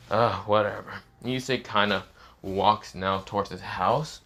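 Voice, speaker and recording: A man with a lowish voice narrating an improvised fan story. His telling is rambling and casual, with plenty of fillers and profanity. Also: measured pace, fairly bright tone.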